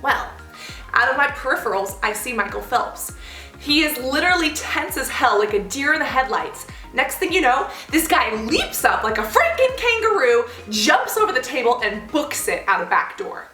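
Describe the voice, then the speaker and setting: A young woman telling a story on her vlog in a lively way, with big jumps in pitch when she acts out quotes. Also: normal speed, reverberant, soft background music, rough recording. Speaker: vlogger.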